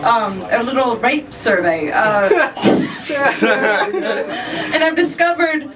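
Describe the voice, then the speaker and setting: A young woman performing a stand-up set in a dry, halting way, with many ums between the jokes. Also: fairly high pitch, very animated, crowd noise. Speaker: stand-up comedian. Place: live comedy stage in a garage studio. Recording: far from the mic, with a loud audience laughing. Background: audience laughter.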